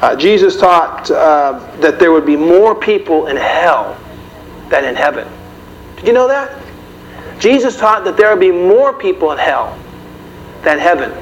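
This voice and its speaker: A man's voice: fairly high pitch, expressive, measured pace, pauses often. Man preaching to his congregation. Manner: conversational, asks the audience questions. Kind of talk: sermon. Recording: dull, slightly noisy recording.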